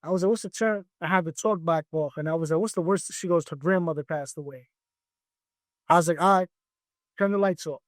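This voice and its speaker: High-voiced man telling studio stories. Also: fairly quick, dry recording. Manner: animated, acts out studio dialogue as he tells it. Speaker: music producer, podcast guest. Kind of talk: casual interview storytelling.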